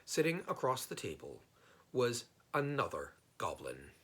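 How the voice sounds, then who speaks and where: Unhurried man reading a storybook aloud. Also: medium pitch, huge pitch swings, a bit bright, breathy edge.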